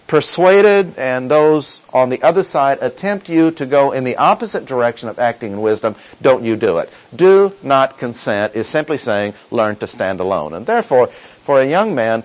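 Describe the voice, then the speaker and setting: A man delivers a sermon in an animated, rising-and-falling voice. He leans on quoted verses with deliberate emphasis and turns to the congregation with questions. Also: medium pitch, low-quality recording. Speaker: preacher.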